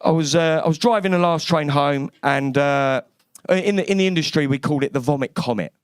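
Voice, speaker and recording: Brash high-voiced London comedian. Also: male voice, a little fast, smooth, no room sound. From East London. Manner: brash, swearing, cheeky. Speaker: stand-up comedian. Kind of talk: stand-up comedy set. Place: comedy club stage.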